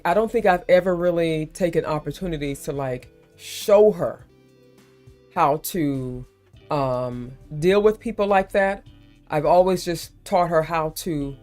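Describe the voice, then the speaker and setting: An expressive woman in her forties or older hosts a relaxed live stream, her voice sitting a little low and growing loud whenever she gets heated. Soft guitar music plays quietly underneath her. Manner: animated, emphatic, quick to heat up. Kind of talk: casual live stream chat.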